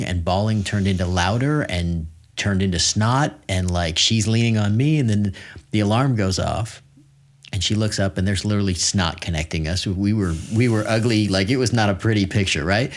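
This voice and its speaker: A man's voice: on the low side, moderate pace. A middle-aged man hosting a podcast, telling personal stories candidly and cracking self-deprecating jokes. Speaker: podcast host. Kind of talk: conversational interview.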